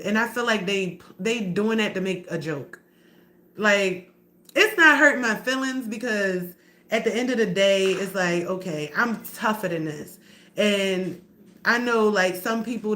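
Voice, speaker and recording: Bright-voiced woman talking candidly on a livestream. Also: mid-range voice. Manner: candid, rambling, emotional, slangy and profane. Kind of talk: casual livestream talk to viewers.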